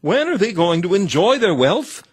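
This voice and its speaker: A man's voice: high-pitched, very animated, normal speed, husky. A man reading a sermon aloud in an earnest, exhorting manner with old-fashioned scriptural phrasing. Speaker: reader of a sermon.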